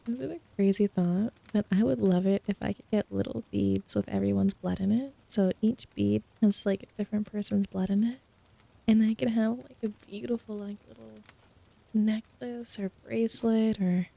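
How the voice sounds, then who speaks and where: A young woman streaming whispered role-play, talking softly and teasingly with a giggly, mock-sinister playfulness toward her chat. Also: mid-range voice, steady tone, moderate pace, vocal fry.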